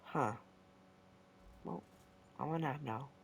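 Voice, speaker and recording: A man voicing a young schoolboy hero who speaks in a calm, easy manner. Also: mid-range voice, takes it slowly, gravelly, slight background noise. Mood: drowsy. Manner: calm, easygoing.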